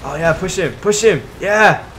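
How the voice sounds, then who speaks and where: A man hosting his own gaming channel, giving casual commentary while he plays, excitable and swearing freely as he shouts and laughs. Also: medium pitch, measured pace, slight background noise.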